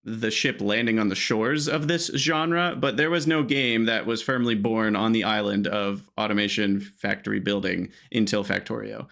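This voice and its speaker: A man's voice: fairly low pitch, moderate pace, vocal fry, hardly any pauses, fairly bright tone. A man co-hosting a podcast in casual chat, articulate and analytical, prone to short tangents. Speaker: podcast co-host.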